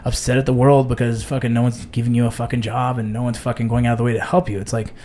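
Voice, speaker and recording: A man's voice: medium pitch, quick pace, a little hiss or hum. A man in his thirties, an army veteran hosting a casual chat, blunt and profane, telling stories with animation. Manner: blunt, swears a lot, animated storytelling. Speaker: podcast host, army veteran.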